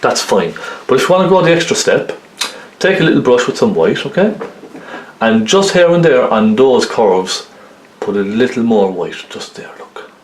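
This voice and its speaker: A man's voice: medium pitch, very animated, moderate pace, slight background noise. A man giving a chatty, step-by-step oil painting lesson, often checking in with tag questions. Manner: chatty, lots of tag questions like okay and isn't it. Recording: roomy echo.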